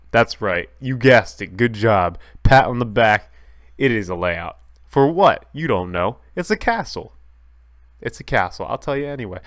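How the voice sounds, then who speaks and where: A man's voice: mid-range voice, fairly bright tone, dry recording, studio quality. A man giving casual, chatty commentary over his own gameplay, talking straight to viewers and correcting himself as he goes. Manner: jokey, talks straight to viewers. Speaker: gaming YouTuber.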